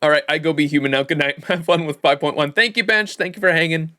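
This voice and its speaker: A man's voice: on the high side, fast, bright, forceful tone. A young man streaming a game live, chatting casually, laughing and reading dialogue aloud. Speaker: gaming streamer. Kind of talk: live game playthrough commentary.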